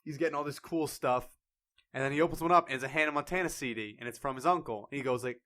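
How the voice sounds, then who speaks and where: A young man co-hosting a podcast in casual chat, animated and acting out quoted voices as he tells stories. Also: medium pitch, fast talker. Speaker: podcast co-host.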